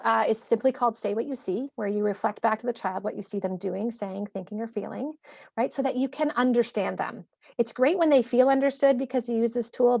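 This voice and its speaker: Fast-talking woman with gravelly fry. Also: fairly high pitch, no room sound, studio quality. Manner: animated, quick explaining with acted-out quotes. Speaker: parenting coach guest. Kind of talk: conversational interview.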